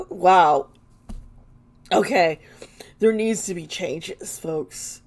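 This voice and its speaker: Woman, tarot reader, unhurried, halting, breaks off sentences, earnest. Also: fairly low pitch, darkish tone. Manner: halting, trailing off mid-sentence; earnest and emotional. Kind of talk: intuitive tarot reading vlog.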